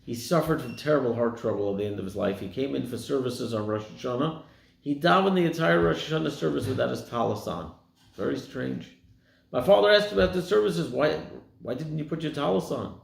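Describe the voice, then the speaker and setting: Brisk and lively in intonation, with vocal fry, an American rabbi preaches in an echoey room. He tells stories and acts out the people in them, voicing their words at a higher pitch.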